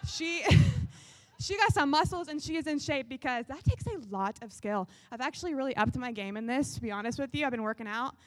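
A woman worship leader doing a sarcastic comedic sketch, animated and breaking into shouts and sung snippets. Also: sits high, brisk, no room sound.

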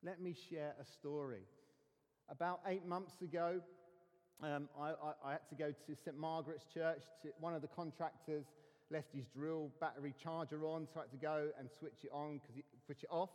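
A man delivers a sermon from the pulpit, his voice a touch higher than most men's. He tells his story earnestly and drops to near-whispers for emphasis. A long reverb trails each phrase through the church. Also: fairly even intonation, moderate pace. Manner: earnest storytelling, dropping to hushed tones for emphasis. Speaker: pastor.

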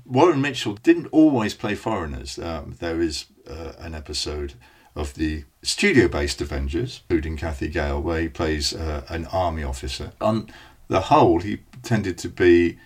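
A man's voice: sits low, lively intonation, normal speed, breathy edge. A man co-hosting a podcast, chatting casually in a knowledgeable, matter-of-fact way. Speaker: podcast co-host. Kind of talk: casual chat about old television.

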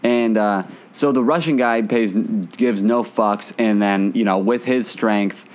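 A man's voice: fairly low pitch, takes it slowly. A man casually telling a funny story in a chat with a friend, swearing and acting out what people said. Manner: animated storyteller, swearing, acts out quotes.

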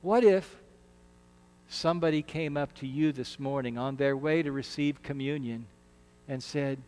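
A man's voice: medium pitch, measured pace, darkish tone, big-room sound. A man preaching a sermon as pastor, earnest and conversational, often restarting his words. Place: church sanctuary.

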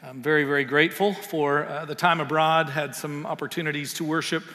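A man's voice: a little high, fairly even intonation, a little fast, bright, forceful tone. A man from Canada preaching as a pastor. He talks in a conversational way, with many "um"s and repeated words, and leads a prayer. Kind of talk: sermon with prayer. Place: church sanctuary. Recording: long reverb of a church hall.

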